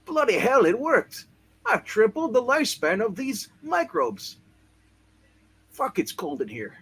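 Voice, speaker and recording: A man's voice: very high-pitched, huge pitch swings, measured pace, a bit bright, slightly rough, heavily acted. A man voicing a brash young male scientist, boastful and crude, swearing as he tells his story, with faint noise behind.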